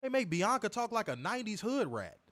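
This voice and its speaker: A man's voice: sits high, very animated, fairly quick, a bit bright, dry recording, studio quality. A man hosting a wrestling review podcast, ranting and mocking in profane comedic commentary, laughing often.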